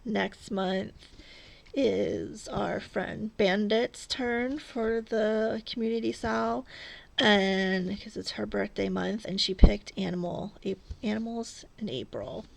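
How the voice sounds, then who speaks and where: A woman talks slowly and easily in a relaxed stitch-along chat, letting her thoughts wander. Her voice has a gravelly edge. She rambles and laughs at herself. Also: medium pitch. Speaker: cross-stitch vlogger.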